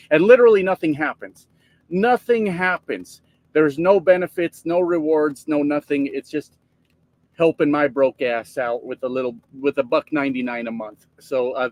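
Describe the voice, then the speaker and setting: A man's voice: on the high side, no echo. A man casually live streaming from his truck, greeting viewers by name and joking with plenty of profanity. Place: truck cab.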